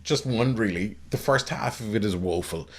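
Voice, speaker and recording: A man's voice: lowish voice, normal speed. A man hosting a film review podcast, rambling and joking in casual chat with plenty of fillers.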